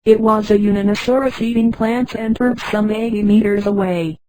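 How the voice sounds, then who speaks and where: Synthetic-sounding woman narrator, flat and steady, mellow, close and dry. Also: mid-range voice, moderate pace, dry recording, low-quality recording. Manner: flat synthetic reading, voices punctuation names aloud. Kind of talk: scripted story narration.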